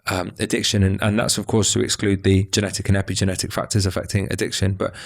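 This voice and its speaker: A young man, a psychotherapist, explaining ideas in a fast, thoughtful podcast conversation full of restarts and fillers. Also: low voice, little pitch movement, vocal fry. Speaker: psychotherapist guest.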